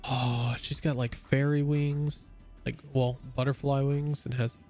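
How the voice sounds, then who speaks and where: A man's voice: mid-range voice, level tone, measured pace, warm tone, soft background music. A young man streaming a game, chatting casually and rambling with lots of fillers and restarts, sounding a bit tired. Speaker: gaming streamer. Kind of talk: casual chat while playing a game.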